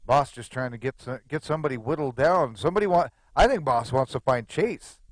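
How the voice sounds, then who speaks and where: A man's voice: medium pitch, expressive, brisk, no room sound. A man giving live, chatty play-by-play commentary on a poker game, with joking asides.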